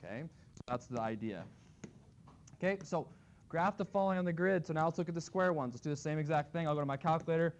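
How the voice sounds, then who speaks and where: A man's voice: on the high side, quick pace, a little hiss or hum. Casual man teaching a math class. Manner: casual, thinking aloud while graphing. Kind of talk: classroom lecture.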